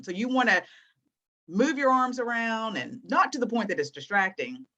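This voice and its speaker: A woman in her thirties, a guest teacher, explaining things to students in an encouraging, animated way over a video call. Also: on the low side, dull audio. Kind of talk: online class teaching.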